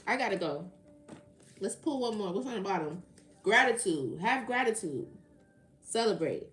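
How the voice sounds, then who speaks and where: A woman's voice: mid-range voice, big pitch swings, moderate pace, long pauses, fairly bright tone, faint music behind. A woman doing a tarot reading on a casual livestream, talking back to chat commenters with a sarcastic, swearing edge. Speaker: tarot reader answering a live chat.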